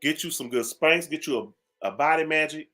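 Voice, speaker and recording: Sassy, bright-voiced male radio host. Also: on the high side, a little fast. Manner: sassy, preachy, calls listeners "baby"; emphatic, repeats phrases for effect. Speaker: radio morning show host. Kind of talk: talk radio rant.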